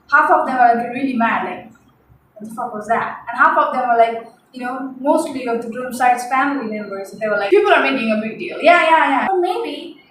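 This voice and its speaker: A woman's voice: sits high, fairly bright tone, slight background noise. Young woman telling a story, echoey and distant. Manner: chatty and exasperated, with many fillers and repeats. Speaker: vlogger. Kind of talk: casual storytime chat. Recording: echoey room heard from a distance.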